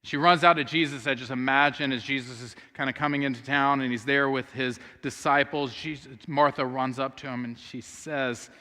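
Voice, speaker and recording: A man's voice: medium pitch, steady tone, normal speed, hardly any pauses, bright, forceful tone. A man preaching a sermon as pastor, telling a story earnestly and speaking the sisters' words aloud. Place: church sanctuary. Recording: long hall reverb.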